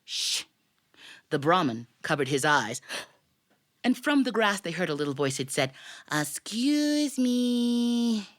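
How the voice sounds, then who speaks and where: A woman's voice: deep voice, normal speed. A woman telling a family story live, chatty and quizzing her audience. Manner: lively, chatty, asks the audience questions. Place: recording studio with live audience.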